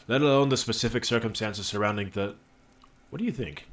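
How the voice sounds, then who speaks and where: Low-voiced joking male streamer. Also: fairly quick. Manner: joking, reads game lines aloud in his own voice. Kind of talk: live game playthrough, reading dialogue aloud.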